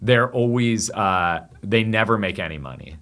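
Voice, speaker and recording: A young man chats as a podcast guest, spinning animated anecdotes with quick asides. His voice sits fairly low. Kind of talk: casual chat.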